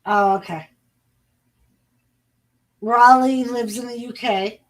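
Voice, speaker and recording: Sex: woman. Role: stream host. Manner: slow, high, profane. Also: steady tone, rough recording. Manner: unhurried, profane storytelling. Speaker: livestream chat host. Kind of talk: casual chat. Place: her own room at home.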